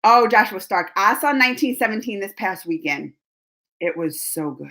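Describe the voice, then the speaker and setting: In her channel's casual livestream, a young woman talks through viewer questions in a mid-range voice at a moderate pace. She's energetic and talkative, laughs often, and tends to restart sentences.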